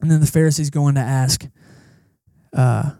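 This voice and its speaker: A young man preaching a casual, animated sermon at a church service, acting out the people in the story as he goes. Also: medium pitch, normal speed, creaky, no echo. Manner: animated, conversational preaching with acted-out quotes. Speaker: pastor. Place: church service in a cinema auditorium.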